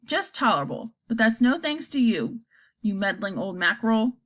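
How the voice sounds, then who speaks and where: A woman voicing a cranky, ancient grandmother in an audiobook reading, shrill and scolding. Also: very animated, moderate pace. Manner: shrill, crotchety.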